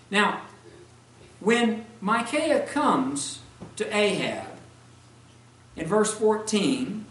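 A man's voice: on the high side, a little hiss or hum. Man preaching in an echoey hall. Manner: conversational preaching with rhetorical questions. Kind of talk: sermon. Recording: echoey room, mic at a distance.

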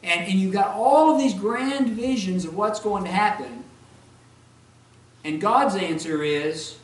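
A man's voice: sits high, a little hiss or hum. A man preaching a sermon, reading scripture aloud and asking the listeners conversational questions. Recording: echoey room, mic at a distance.

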